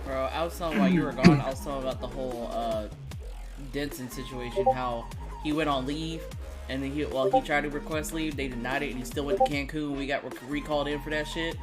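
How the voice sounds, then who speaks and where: A woman co-hosting a casual streamed podcast, telling stories with lively quoted dialogue. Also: fast talker, music in the background. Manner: lively, swings high when quoting people. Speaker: podcast co-host. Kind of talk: casual chat on a livestream.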